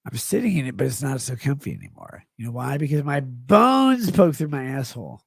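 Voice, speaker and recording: Middle-aged male streamer, drunk and rambling, husky voice, dry close sound. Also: mid-range voice, wildly swooping pitch, brisk, dry recording. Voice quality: gravelly. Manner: slurred, rambling, swings between mumbles and outbursts. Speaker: livestreamer. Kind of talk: rambling livestream chat reading comments.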